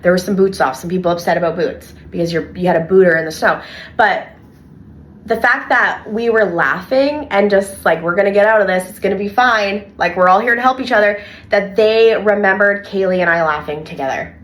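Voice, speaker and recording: A young adult woman, co-hosting a casual podcast and telling animated stories from her childcare work with lots of "like". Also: medium pitch, a little fast. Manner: animated storyteller, heavy filler "like". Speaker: podcast co-host and childcare worker.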